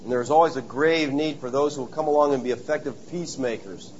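A man preaching a sermon, telling stories and acting out voices with lively animation. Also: medium pitch, fast talker, dull audio, slight background noise. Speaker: pastor.

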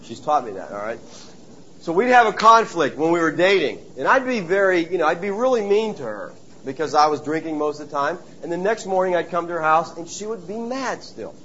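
High-voiced animated preacher. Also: male voice, brisk, lo-fi sound, slight background noise. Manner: animated storytelling, acting out voices. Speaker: pastor. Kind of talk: sermon.

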